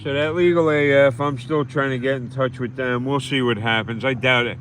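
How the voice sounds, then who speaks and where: A man's voice: mid-range voice, fairly even intonation, moderate pace, a bit bright. This is a man ranting through a livestream monologue, bitter and full of scorn. He keeps repeating his points in a plain, mid-range voice. Faint street and vehicle noise hums behind him. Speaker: livestream host.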